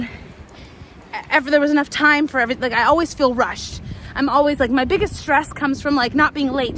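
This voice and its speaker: A high-voiced woman vlogger walks down a city street telling a long personal story amid loud street noise. Her casual storytelling is chatty and wandering, packed with ums and restarts.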